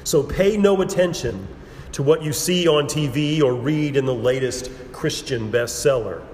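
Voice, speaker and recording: A man preaching a sermon in a measured, emphatic way, building repeated phrases and pausing for effect, recorded in a church sanctuary. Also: mid-range voice, a little mellow. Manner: measured, emphatic preaching with repetition and dramatic pauses. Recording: roomy hall with long reverb and faint background noise.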